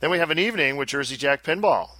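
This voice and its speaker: A man from the United States hosting a casual podcast, sarcastic and deadpan. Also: on the high side, quick pace, dry recording. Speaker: podcast host. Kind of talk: casual chat.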